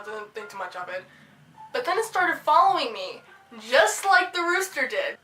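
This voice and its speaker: A woman telling funny personal stories in an animated storytime vlog, excitable and given to bursts of loud yelling. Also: high voice. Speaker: storytime vlogger. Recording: echoey room.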